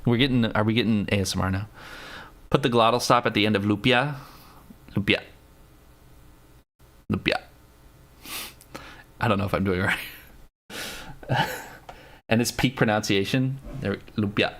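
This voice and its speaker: A man hosts a casual livestream in a lowish, slightly bright voice, speaking fairly quickly and pausing often. He talks with viewers in a rambling, profane way, full of fillers and restarts, and playfully tries out foreign words.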